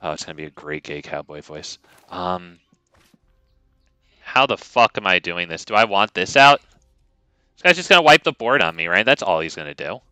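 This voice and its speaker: A man's voice: low voice, big pitch swings, normal speed, pauses often, bright, forceful tone, clear, resonant tone, no echo. A man streaming a card game who rambles in casual commentary, swearing freely and restarting his sentences often. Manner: rambling and profane, frequent restarts.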